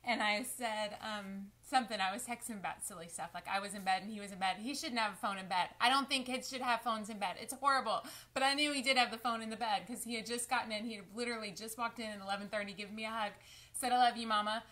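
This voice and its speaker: A woman's voice: fairly high pitch, fast talker. A woman, chatting on a live stream and fighting back tears. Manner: warm, chatty, emotional, addresses viewers as y'all. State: close to tears. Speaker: lifestyle vlogger. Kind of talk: casual live-stream chat.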